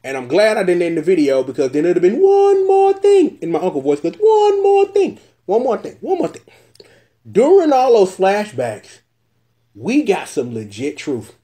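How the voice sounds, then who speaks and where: A man's voice: sits high, warm tone. A man hosting a casual episode-review vlog, joking and breaking into voices as he talks. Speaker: show host reviewing a TV episode.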